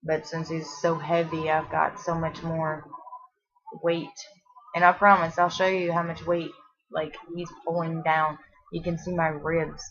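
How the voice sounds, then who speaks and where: A young pregnant woman with a low voice talks to her camera at home in a loose, rambling way, trailing off and restarting often. She sounds short of breath, and the recording has a dull, lo-fi home-video sound. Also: flat delivery, measured pace, fairly bright tone. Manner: chatty, rambling, many fillers and restarts. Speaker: vlogger. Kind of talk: casual pregnancy update vlog. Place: at home, seated.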